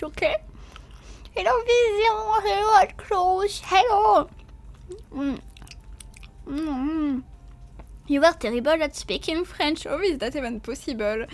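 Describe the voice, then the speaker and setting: A woman streamer with a very high voice chats to her viewers in a casual live stream. She talks slowly and giggles often, apologizing and stumbling over fillers as she eats and drinks between sentences. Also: lively intonation. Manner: talks while eating and drinking.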